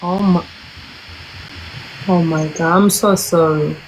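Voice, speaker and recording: A woman's voice: lowish voice, fairly even intonation, slow, slight background noise, poor audio. A Rwandan woman with a Rwandan accent, hosting a live stream and urgently coaxing viewers in English and Kinyarwanda.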